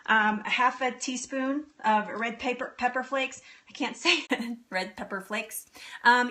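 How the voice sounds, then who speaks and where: A woman's voice: a little high, sharp tone. A woman in her thirties hosting a live cooking stream from her home kitchen, chatting with viewers and laughing often. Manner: chatty, giggly, answers viewer comments. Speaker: cooking show host.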